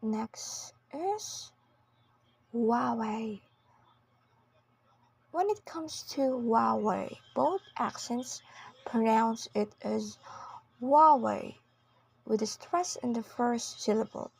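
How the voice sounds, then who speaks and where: A woman giving a scripted pronunciation lesson, speaking slowly and carefully, often half-whispered. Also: fairly high pitch, gravelly, darkish tone, slightly rough. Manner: slow, careful enunciation with long pauses. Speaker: pronunciation teacher.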